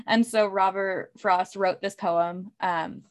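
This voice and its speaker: A woman's voice: mid-range voice, steady tone, slow pace. A woman co-hosting a podcast, talking casually about a poem with lots of "like" and "um" fillers. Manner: chatty, many "like" and "um" fillers, laughs often. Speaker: podcast co-host. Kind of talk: casual literary discussion.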